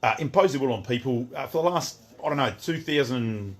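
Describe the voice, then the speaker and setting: A man's voice: mid-range voice, animated, brisk. Chatty Australian man on a livestream. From Western Australia. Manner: chatty, greets viewers by name, rambling restarts. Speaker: shop owner hosting a livestream. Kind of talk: casual livestream rant.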